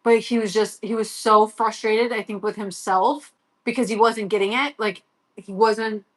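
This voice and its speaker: A woman's voice: medium pitch, steady tone, normal speed, a bit bright. A middle-aged woman telling a long, rambling story on a live stream as a sports parent, swearing freely and quoting her son.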